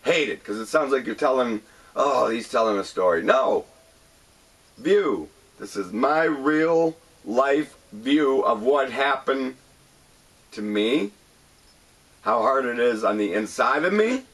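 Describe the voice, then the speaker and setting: A man with a husky, gravelly voice speaks an earnest personal monologue, stumbling and repeating words as he goes. His pitch rises and falls a lot. He sits some distance from the microphone. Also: lively intonation, slow pace, a bit bright. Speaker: show host.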